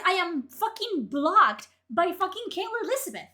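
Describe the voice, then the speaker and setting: A woman's voice: very high voice, sing-song, normal speed, few pauses. A young woman, furiously ranting and swearing as she reacts to articles on her stream. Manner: furious, profane, shouting outbursts. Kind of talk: angry ranting commentary.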